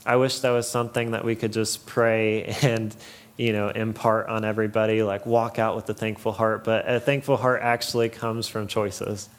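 A man's voice: fairly low pitch, flat delivery, moderate pace. A young man giving an earnest, story-filled sermon, often breaking into small laughs. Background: music.

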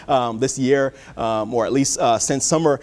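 A man's voice: mid-range voice, moderate pace, darkish tone. A male pastor preaching a sermon in a church, telling folksy stories with many fillers.

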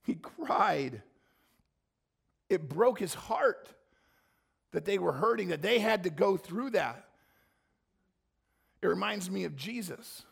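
A man preaching a sermon, swinging from quiet reflection to impassioned, near-shouted emphasis. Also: high-pitched, animated, takes it slowly, creaky, pauses often, husky. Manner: impassioned, rising to near-shouting when voicing scripture. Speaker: pastor.

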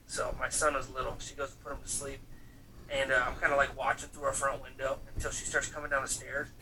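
A man's voice: mid-range voice, flat delivery, quick pace, vocal fry, crowd noise. A man in his thirties telling loose, profane stories in a casual chat, acting out quotes and padding with fillers. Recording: voice picked up from some distance, faint room ambience.

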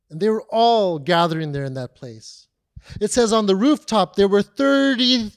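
High-voiced preacher telling a story dramatically. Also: male voice. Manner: dramatic storytelling with drops to a hush. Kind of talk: sermon.

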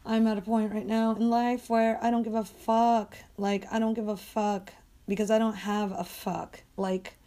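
A woman's voice: medium pitch, flat delivery, a little slow, mellow. A young adult woman talking alone on her podcast in a casual, rambling way, blunt and full of swearing and fillers like "like".

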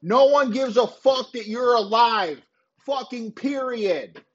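High-voiced man on a profane rant. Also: slow pace. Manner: crude, boastful, insulting. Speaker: podcast host. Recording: dull lo-fi sound.

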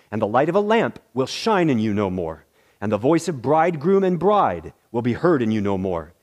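Man pastor reading scripture aloud. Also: mid-range voice. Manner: measured, expressive reading with rising exclamations. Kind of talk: scripture reading in a worship service. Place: church sanctuary.

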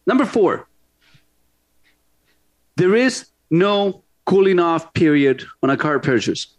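A man's voice: high voice, very animated. Emphatic man hosting a talk show. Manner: emphatic, drawn-out, repeats points. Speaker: show host.

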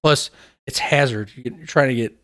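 A man in casual chat, telling long animated stories and swearing freely. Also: medium pitch, normal speed.

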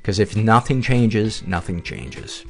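A man's voice: on the low side, sing-song, slow pace, a little mellow, soft background music. A man hosting a podcast, reading a listener's letter aloud and then reflecting earnestly, with rambling asides. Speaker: podcast host.

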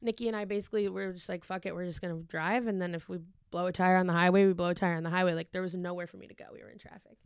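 A woman's voice: on the low side, steady tone, rapid-fire, hardly any pauses, clear, resonant tone, no echo, clean studio sound. A young woman in her twenties telling a long, rambling story in casual chat, swearing freely and acting out quotes.

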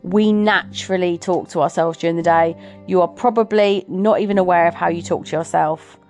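A woman's voice: on the low side, fairly even intonation, fairly quick. A middle-aged woman talking earnestly and encouragingly as host of a motivational talk. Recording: soft music behind.

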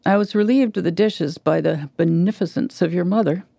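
Woman reading a dryly ironic father in a storybook reading; gravelly, unhurried. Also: fairly low pitch, dark tone, dry recording. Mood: wry. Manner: dry, ironic. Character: wry middle-aged father, dryly humorous.

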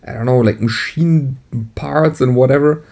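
A man's voice: medium pitch, normal speed, gravelly, darkish tone. A man co-hosting a podcast, talking casually and hesitantly, repeating words and laughing. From Germany. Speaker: podcast co-host. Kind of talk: casual chat.

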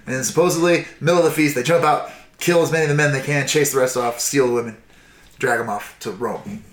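A man's voice: mid-range voice, fast, roomy sound. A tipsy man telling history in a profane, rambling, casual way, acting out little voices as he goes. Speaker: storyteller in casual chat. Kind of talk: casual drunken history chat.

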